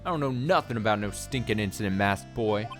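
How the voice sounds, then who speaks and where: A man voicing a hot-tempered male loan shark with a put-on Brooklyn accent, loud and bullying, over game music. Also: fairly low pitch, lively intonation, brisk, close to an everyday voice. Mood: angry.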